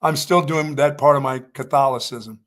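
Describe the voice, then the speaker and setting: A man's voice: medium pitch, steady tone, moderate pace, fairly bright tone. A man co-hosting a sports radio show, telling joking stories in casual chat. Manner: joking storyteller, laughs at himself.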